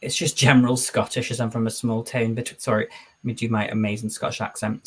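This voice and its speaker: Chatty husky-voiced male streamer. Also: medium pitch, flat delivery, brisk, fairly bright tone. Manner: chatty, reads viewer comments aloud and answers them. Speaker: streamer host. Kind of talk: casual live-stream chat.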